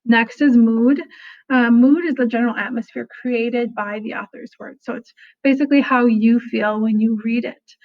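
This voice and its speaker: A woman's voice: a little high, steady tone, normal speed. A young woman teacher giving a casual recorded lesson, full of fillers and "kinda". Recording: slightly dull lo-fi audio.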